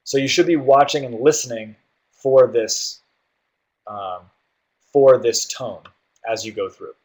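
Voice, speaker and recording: Male tutor, mid-pitched, explains test prep casually with lots of "um" and "right?". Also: slow, a little mellow. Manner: explanatory, with frequent fillers and "right?" check-ins. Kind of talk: guided test-prep walkthrough.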